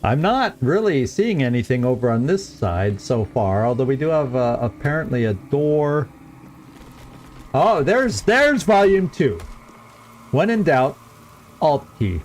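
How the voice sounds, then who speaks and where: A man's voice: mid-range voice, big pitch swings, unhurried, a little mellow, slight background noise. A middle-aged man giving chatty, rambling commentary while playing a game, chuckling often. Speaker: let's play host. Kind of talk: casual gameplay commentary.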